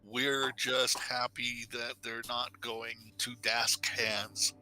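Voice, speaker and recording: A man's voice: mid-range voice, level tone, slow pace, pushed and bright, soft background music, low-quality recording. A man running a tabletop game as game master, rambling and hesitant, reading rules aloud as he goes. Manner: rambling, hesitant, looks up rules mid-sentence.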